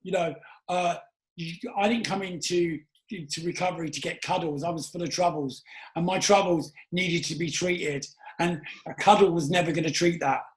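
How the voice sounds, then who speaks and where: A man's voice: fairly high pitch, fairly even intonation, moderate pace, echoey room, low-quality recording. A man hosting a casual interview, talking earnestly and with emphasis. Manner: earnest, emphatic, often asks "do you get what I'm saying". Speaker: podcast host.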